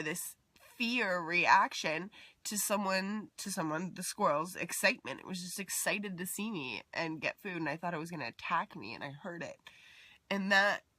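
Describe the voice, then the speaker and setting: Woman, personal vlog: rambling and heartfelt confession, slightly low pitch, bright edge. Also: dry recording. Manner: rambling and heartfelt, many fillers, drops to near-whisper at times. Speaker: vlogger.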